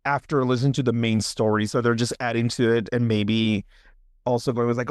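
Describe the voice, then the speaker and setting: A man co-hosting a horror podcast, chatting casually and reading a listener story aloud with theatrical pauses and jokey asides. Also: medium pitch, little pitch movement, smooth, dry recording, clean studio sound. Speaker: podcast co-host.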